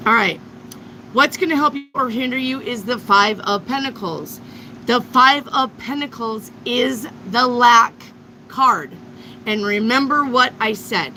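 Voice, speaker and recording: A woman reads tarot cards live for her viewers, with a bright, forceful voice pitched a little high. She talks slowly and bluntly, leans hard on her points and swears freely. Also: a little hiss or hum, low-quality recording. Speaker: tarot reader.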